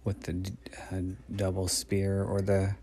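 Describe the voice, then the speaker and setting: A man's voice: low-pitched, completely flat delivery, a little slow, mellow. A man hosting a podcast, giving casual movie commentary in a meandering, think-aloud way. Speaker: podcast host.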